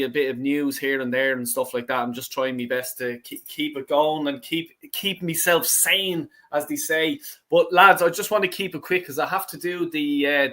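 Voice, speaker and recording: An excitable Irish man hosting a football fan call-in, with a raised voice and a bright, tense edge to it. His speech is loose and rambling, full of swearing and fillers. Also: a little high. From Ireland. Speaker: host. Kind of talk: casual fan call-in chat.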